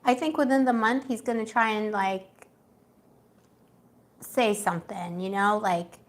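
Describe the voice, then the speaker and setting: A woman's voice: mid-range voice, steady tone, unhurried. A young woman doing a live tarot reading in a casual, chatty way, laughing often and talking with lots of fillers. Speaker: tarot reader.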